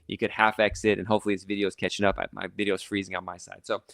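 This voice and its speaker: A man hosting an immigration talk, talking fast and excitedly with many restarts and fillers, a Farsi speaker. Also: lowish voice, vocal fry, dry recording. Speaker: immigration lawyer hosting a channel. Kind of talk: casual explainer talk to camera.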